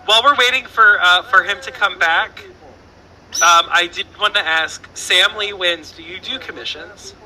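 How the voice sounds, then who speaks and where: Playful high-voiced quiz host man. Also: normal speed, sharp tone, poor audio. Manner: playful, rambling, laughs at own jokes. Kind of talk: casual online quiz hosting. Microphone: online voice chat.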